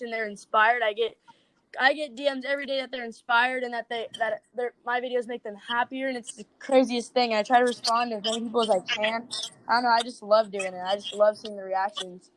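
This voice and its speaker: A woman's voice: a little high, steady tone, brisk, fairly bright tone. A woman, a social media creator, chatting casually as a podcast guest, filling her talk with "like". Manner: chatty, heavy use of "like".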